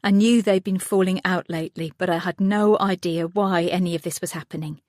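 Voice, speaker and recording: Grieving furious mother, voiced by a woman reader, raised urgent delivery, audiobook drama, lowish voice, dry close sound. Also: steady tone, a little fast, darkish tone, no echo, close to an everyday voice. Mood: anguished.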